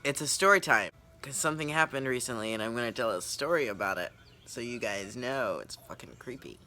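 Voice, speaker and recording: A young man telling a story time vlog in an excited, rambling way, with swearing. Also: mid-range voice, fairly quick. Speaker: YouTuber.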